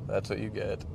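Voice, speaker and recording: A man's voice: on the low side, creaky. A man chatting casually on a livestream from a car, bickering in a dry, laid-back way. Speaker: co-host on a stream. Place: inside a moving car. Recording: loud road noise in a car.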